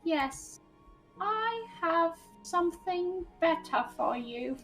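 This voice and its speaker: A man's voice: very high-pitched, animated, slow pace, pushed and bright, soft background music, pitched above the performer's own voice, exaggerated voice. A woman voicing a pompous, short, bald male lord who blusters and shrieks in outrage. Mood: scheming.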